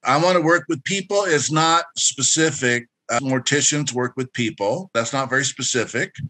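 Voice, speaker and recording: A man's voice: mid-range voice, moderate pace, sharp tone. A man presenting a career workshop in a direct, instructive and encouraging way, drawing answers from participants. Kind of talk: interactive workshop lecture.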